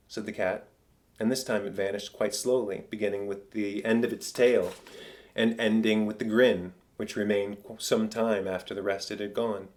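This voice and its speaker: A man narrating an audiobook of a classic tale, with a measured storytelling delivery. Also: on the low side, a little mellow. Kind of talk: scripted narration.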